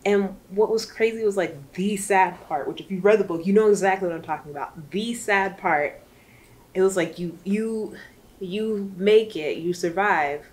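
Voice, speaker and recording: A woman's voice: medium pitch, normal speed, a little mellow. A woman reviewing a book in casual chat, chatty and emotional, rambling with lots of fillers.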